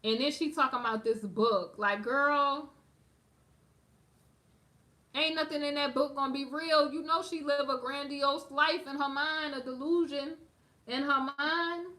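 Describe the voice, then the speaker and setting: A woman's voice: high-pitched, fairly even intonation, measured pace, sharp tone. A woman giving sassy, emphatic gossip commentary on a live stream, talking straight to her viewers in a slangy, casual way.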